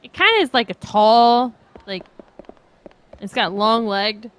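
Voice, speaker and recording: A woman's voice: on the high side, animated, slow, clear, resonant tone. A woman co-hosting a live game stream, chatting casually, joking crudely and sharing trivia.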